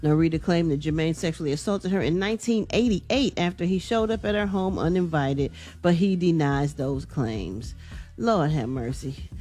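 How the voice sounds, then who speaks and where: A woman's voice: deep voice, normal speed, faint music behind. A woman hosting an entertainment news segment on a morning radio show, chatty and folksy. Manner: chatty, animated, folksy asides.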